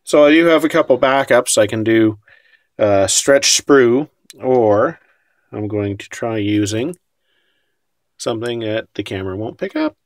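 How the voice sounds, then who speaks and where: A man's voice: medium pitch, expressive, a little slow, dry recording. A man casually talking through his scale model build, wry and self-deprecating about his mistakes.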